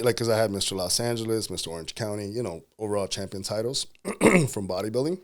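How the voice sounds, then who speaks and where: A man in his thirties, a pro bodybuilder and entrepreneur, telling stories in a casual interview, animated and quick to laugh. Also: lowish voice. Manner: animated, laughs often, acts out quotes.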